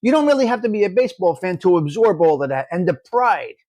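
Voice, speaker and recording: A man chats live with his viewers, greeting them by name and teasing the ones who argue with him. His voice sits high for a man. The sound is dry and close, with no room around it. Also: fast talker, no echo. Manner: animated, teasing, reads out viewer names and comments. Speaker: livestream host. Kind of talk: casual live chat with viewers.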